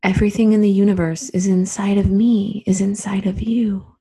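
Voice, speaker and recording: A woman giving a reflective spiritual talk as a teacher, speaking gently with drawn-out, unhurried phrasing. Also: medium pitch, flat delivery, slightly rough.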